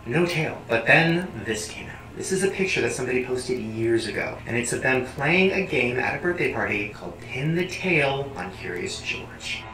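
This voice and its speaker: A man talking to camera as a conspiracy vlogger, animated and insistent, sometimes dropping to a hush. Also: mid-range voice, normal speed, hardly any pauses, echoey room, recorded from a distance, over music, low-quality recording. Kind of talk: earnest talk to camera.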